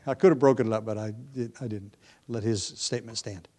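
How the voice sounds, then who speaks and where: A man preaching a verse-by-verse sermon, reading scripture with rising emphasis and slipping into relaxed asides with ums and light laughs. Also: on the low side, fairly quick. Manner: conversational with filler ums and restarts. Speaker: pastor. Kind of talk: expository sermon.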